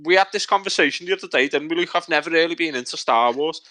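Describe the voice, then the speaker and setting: A man's voice: on the high side, quick pace. A young man with a Scouse accent co-hosting a podcast, swearing a lot and winding up his mates. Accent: Liverpool Scouse. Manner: loud, swearing, laughing, winding others up. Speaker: podcast co-host. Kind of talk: crude casual banter.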